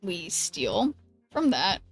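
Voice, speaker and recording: A woman streaming a card game, thinking aloud in halting restarts and chatting with her viewers. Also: medium pitch, sing-song, no room sound, faint music behind. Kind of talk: casual live-stream commentary.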